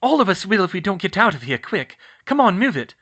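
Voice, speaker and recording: A man voicing a shrill, fierce mother witch. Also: expressive, moderate pace, muffled recording, full character voice. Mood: scolding. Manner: shrill scolding, shouting spells. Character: fierce middle-aged mother witch, protective.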